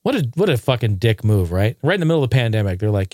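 Man vlogging at home, animated and profane, dry close sound, mid pitch. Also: fast talker, no room sound. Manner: animated, profane, jokey, rising to outraged bursts. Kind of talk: casual storytelling to camera.

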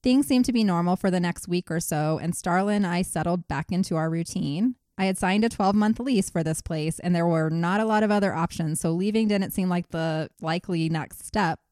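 Low, mellow-voiced woman reading a ghost story. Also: a little fast, hardly any pauses, no room sound, clean studio sound. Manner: laughs often, swears casually, jokes mid-story. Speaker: podcast co-host reading a listener story. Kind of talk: reading a listener's ghost story aloud with casual chat.

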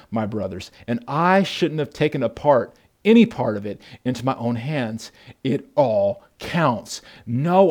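A man's voice: medium pitch, a little mellow. A man voicing King David as a humble, repentant adult man, speaking earnestly.

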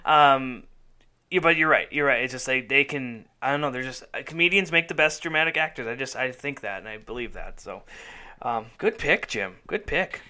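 A man hosts a podcast, chatting casually and enthusiastically and rambling with lots of fillers. His mid-range voice has a sharp tone and a normal speed.

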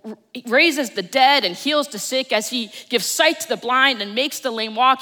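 A woman with a New Jersey accent preaching a Sunday sermon, telling the story with dramatic swings from loud to hushed. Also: fairly high pitch. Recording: long church reverb.

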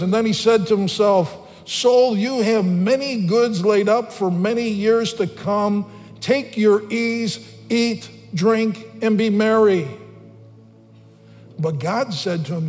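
High-voiced pastor in a reverberant hall. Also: male voice, slow pace, darkish tone. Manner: earnest, rising in pitch and force for emphasis. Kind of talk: sermon. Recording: long hall reverb, faint music.

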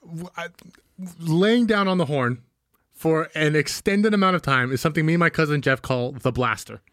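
A young man co-hosting a casual podcast, telling stories in an animated way with plenty of swearing. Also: fairly high pitch, no echo, clean studio sound. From Northern California. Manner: animated, swearing, quick storytelling. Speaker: podcast co-host. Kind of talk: casual chat about a film.

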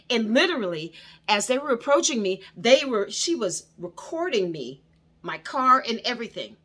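A woman hosting a show, telling a personal story in a lively way, her voice climbing and getting louder when she quotes herself. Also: fairly high pitch. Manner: animated, rising and loud when quoting herself. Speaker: host. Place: indoor studio under hot lights.

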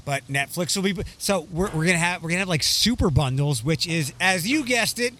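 A man's voice: on the high side, a little fast, slight background noise. A young man co-hosting a casual podcast chat, rambling and restarting as he talks. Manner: rambling, animated, restarts often. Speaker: podcast co-host.

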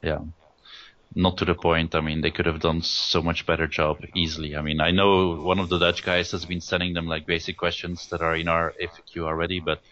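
Very deep, flat-voiced man, hesitant. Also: brisk. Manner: hesitant, many restarts and fillers. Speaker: guest, tournament rules writer. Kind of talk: casual interview over a call. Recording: dull lo-fi audio.

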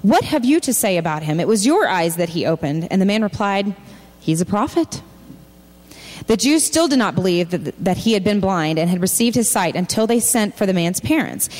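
A woman's expressive, slightly mellow voice fills a large church hall at normal speed as she gives a sermon. Reading scripture aloud, she acts out the people quoted in it with rising pitch.

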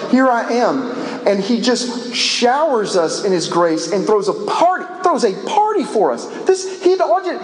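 A man's voice: very high voice, big pitch swings, normal speed, hardly any pauses. A man preaching a sermon, impassioned and building with repetition. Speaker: pastor. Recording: echoey large hall.

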